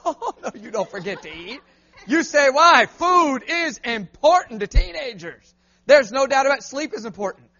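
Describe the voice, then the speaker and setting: A man preaches an animated call-and-response sermon in a church. The recording sounds a little muffled. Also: very high voice. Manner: animated, asks the crowd to answer back.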